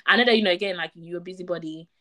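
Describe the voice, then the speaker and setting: Fast, bright-voiced woman host. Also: lowish voice. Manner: effusive, encouraging, thankful. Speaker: podcast host. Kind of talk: casual podcast chat.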